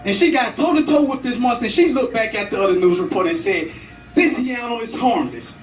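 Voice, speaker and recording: A man giving a storytelling speech to a club, told in a dramatic, animated way. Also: very high-pitched, fast. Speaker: club speaker. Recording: echoey room, from far off, faint music.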